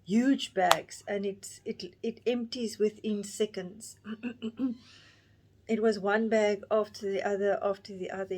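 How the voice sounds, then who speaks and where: Woman in her fifties, halting and emotional. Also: medium pitch, a little mellow. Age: 50s. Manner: halting, emotional retelling with many restarts. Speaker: vlogger. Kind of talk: personal storytelling.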